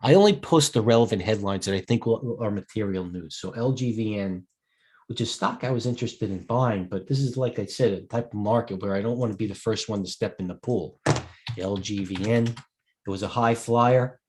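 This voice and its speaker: A middle-aged man with a fairly low voice, talking through live market commentary as a host. He rambles and digresses, often breaking off to answer viewers' questions. He sounds tired throughout. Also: moderate pace, a little mellow. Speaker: host and stock broker.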